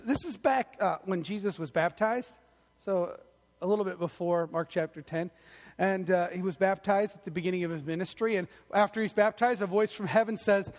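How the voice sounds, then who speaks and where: A male pastor preaching a sermon in a church, telling animated stories and delivering lines with emphasis. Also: high-pitched, in a large hall. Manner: animated storytelling, emphatic, acts out quotes.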